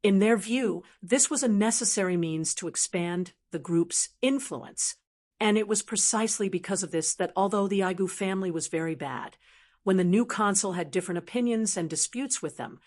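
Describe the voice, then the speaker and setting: A woman narrating a fantasy novel audiobook at a mid pitch. Her reading is steady and even, with the measured pacing of scripted narration.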